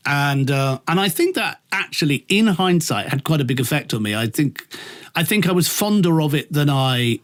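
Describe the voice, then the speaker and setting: A man who presents radio, telling anecdotes with a lively voice that swoops all over. His voice is a touch higher than most men's. He laughs a lot and swears casually. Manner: animated storyteller, laughs often, swears casually. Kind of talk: casual interview chat.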